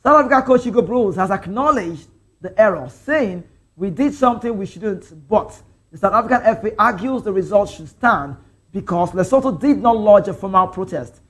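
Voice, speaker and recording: A young man with a Nigerian accent, his voice sitting high for a man. He hosts a casual live football talk show in a chatty, loose way, reading out viewer comments and slipping into pidgin. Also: normal speed. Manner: chatty, animated, drifts into pidgin. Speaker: sports show host.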